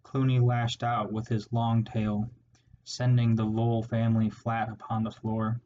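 A man reading a storybook aloud as narrator, steady and measured. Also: on the low side, dull audio. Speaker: audiobook narrator.

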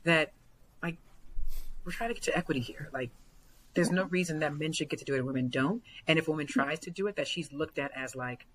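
Earnest low-voiced woman coach. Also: a little fast, a little hiss or hum, low-quality recording. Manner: earnest, many fillers, builds to excited retellings. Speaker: basketball coach. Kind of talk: podcast guest conversation.

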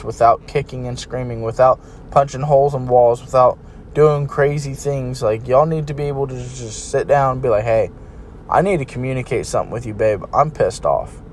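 A man with a mid-range, slightly mellow voice gives relationship advice to camera, casual and blunt, talking to his listeners like they're his buddies. There's a little hiss or hum on the recording.

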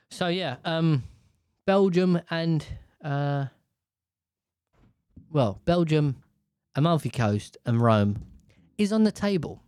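A man chatting casually as a podcast co-host. He rambles and is animated, and he keeps breaking into little voices. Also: a little high, a little slow, pauses often, no room sound, studio quality. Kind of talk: casual chat.

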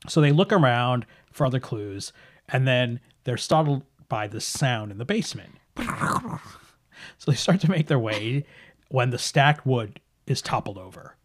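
A man's voice: mid-range voice, expressive, unhurried. A man narrating a tabletop horror game as game master, in a casual, chatty way that trails off and restarts.

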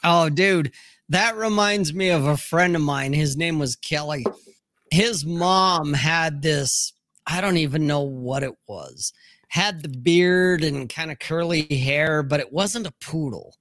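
High, bright-voiced man telling crude stories. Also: slow, dry recording, studio quality. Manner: crude, animated storytelling. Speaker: podcast host. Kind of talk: casual livestream chat.

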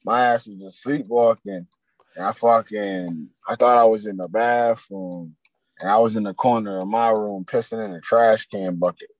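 A man's voice: fairly low pitch, fairly even intonation, moderate pace, dry recording. A man in casual chat, telling a profane, laid-back story of his own.

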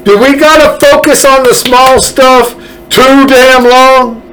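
A man's voice: extremely high pitch, steady tone, takes it slowly, noisy background. A man hosting a political podcast, ranting angrily with sarcasm and profanity. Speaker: podcast host. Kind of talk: political commentary rant.

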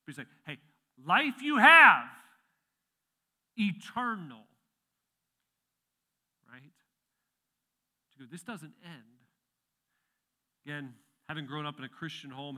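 A man's voice: mid-range voice, fairly even intonation, normal speed, bright, forceful tone. A middle-aged male pastor delivering a sermon, swelling with emphasis on key phrases and sometimes restarting words.

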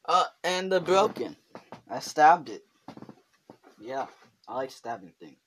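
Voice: medium pitch, big pitch swings, takes it slowly, noisy background. A vlogger talking alone in their bedroom, rambling and giggly, with filler words all through. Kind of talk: rambling casual monologue to camera. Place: own bedroom.

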